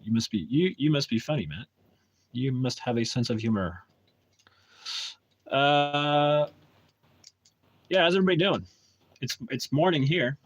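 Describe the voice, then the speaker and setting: A man's voice: medium pitch, measured pace, long pauses. A man chatting casually with viewers on a live stream at home, talking hesitantly with many restarts and fillers.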